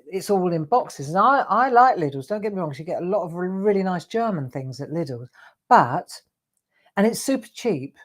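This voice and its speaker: Chatty older woman. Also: fairly low pitch. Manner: chatty, rambling, reads out viewer comments. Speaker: craft show host. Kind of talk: casual livestream chat with viewers.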